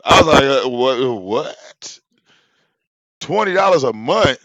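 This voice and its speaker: A man, telling a story casually to his audience. He talks in an animated, profane way, often repeating words and restarting his sentences. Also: mid-range voice, takes it slowly, pauses often. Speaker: channel host.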